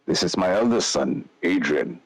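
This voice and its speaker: A man puts on a gruff old patriarch of a vineyard family, his voice gravelly and a little raspy. He talks slowly and with measured care, and the pitch swings widely as he goes. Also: expressive, dry recording, poor audio. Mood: formal. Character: old male vineyard patriarch, wary then welcoming.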